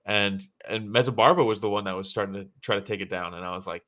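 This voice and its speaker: A man's voice: fairly low pitch, fast talker, sharp tone. A man co-hosting a casual fight reaction show, upbeat and agreeable, often laughing. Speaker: co-host.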